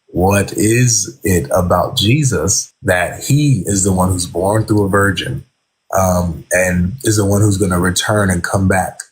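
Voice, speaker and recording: A man hosting a casual religious discussion, asking probing, measured questions. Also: low voice, fairly even intonation, husky, rough recording. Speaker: host, apologist.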